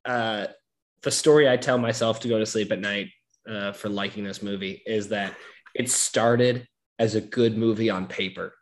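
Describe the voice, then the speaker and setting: A man's voice: lowish voice, fairly even intonation, normal speed, a little hiss or hum. A man co-hosting a casual movie podcast, wryly telling a story and acting out imagined dialogue. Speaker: podcast co-host.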